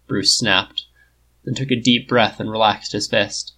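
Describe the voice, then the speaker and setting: A man reading a fan fiction story aloud in an even, plain storytelling manner. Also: fairly low pitch, moderate pace, creaky. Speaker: audiobook reader.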